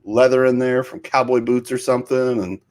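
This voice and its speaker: A man's voice: mid-range voice, little pitch movement, moderate pace, a little mellow. A middle-aged man co-hosting a casual show, chatting in an easygoing, rambling way. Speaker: podcast co-host. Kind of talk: casual chat.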